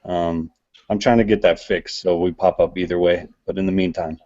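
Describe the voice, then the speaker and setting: A man's voice: deep voice, fairly even intonation, normal speed, dark tone, muffled recording. A man co-hosting a casual gaming podcast, easygoing and teasing. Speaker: podcast co-host.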